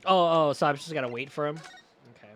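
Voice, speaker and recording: A young man streaming a game, chatting casually, excitable and profane. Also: on the high side, fast talker. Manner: excitable and profane, bursts into loud laughter. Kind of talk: casual live-stream commentary.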